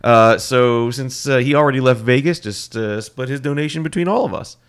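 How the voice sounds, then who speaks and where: A man's voice: mid-range voice, a little fast, clean tone. A man co-hosting a podcast, teasing his co-hosts and swearing freely in loose comedic banter. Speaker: podcast co-host.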